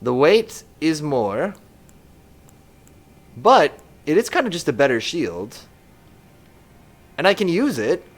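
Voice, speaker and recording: A man with a fairly high voice commenting on a game on a live stream, his pitch swinging up and down as he rambles. He muses aloud and reads viewers' comments in a loose, casual way. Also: sing-song, slow, pauses often.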